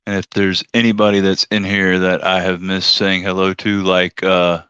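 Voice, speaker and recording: A man's voice: low voice, monotone, normal speed, pushed and bright, smooth, dry recording, highs cut off. A man telling a rideshare story on his livestream in a rambling, joking way, acting out the voices of the people he quotes. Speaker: livestream host and rideshare driver.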